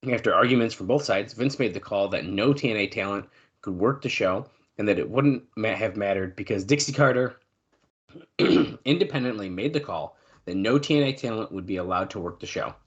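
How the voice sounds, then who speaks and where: A man co-hosting a podcast in casual chat, reading news notes aloud with fillers and now and then clearing his throat. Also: on the low side, dull audio. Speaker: podcast co-host.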